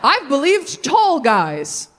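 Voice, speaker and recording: A woman's voice: high voice, wildly swooping pitch, takes it slowly, background noise. A woman comedian performing a stand-up set on a club stage, with sarcastic, self-mocking punchlines.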